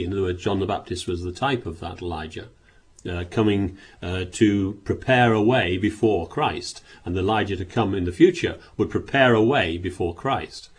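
A man's voice: fairly low pitch, animated, normal speed, darkish tone, breathy edge. A man preaching a sermon, reading scripture aloud and pressing his points with rhetorical questions and repeated words.

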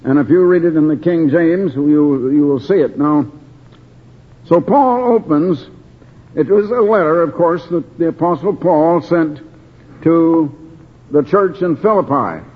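An older man preaching a slow, deliberate Bible study sermon with many pauses and restarts, heard over a tinny broadcast. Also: a little high, slightly rough. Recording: tinny phone-like radio broadcast.

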